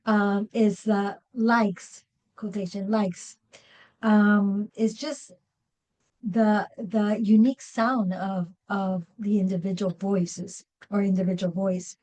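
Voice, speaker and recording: A woman leads a workshop in a meeting room, speaking at an unhurried pace in a mid-range voice. She often restarts her sentences and fills pauses with "um". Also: medium pitch, warm tone, rough recording. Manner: slow, many fillers and restarts. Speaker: workshop presenter. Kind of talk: live seminar talk.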